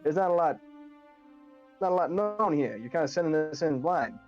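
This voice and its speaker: A man's voice: on the high side, expressive, normal speed, muffled recording, over music. A man playing a tabletop game in character, blunt and skeptical and swearing. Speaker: player.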